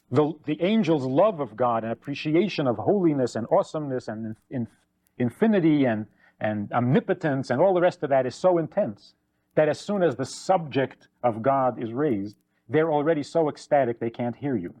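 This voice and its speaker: Man, rabbi, teaching talk, storytelling, slightly high voice, dry sound. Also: darkish tone, no room sound. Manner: storytelling, acts out quoted voices with rising pitch.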